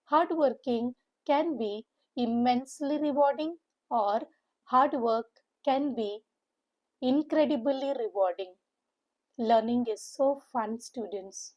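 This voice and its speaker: A woman teaching vocabulary, spelling out sounds slowly and repeating words for emphasis. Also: a little high, a little mellow, low-quality recording. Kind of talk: online vocabulary lesson.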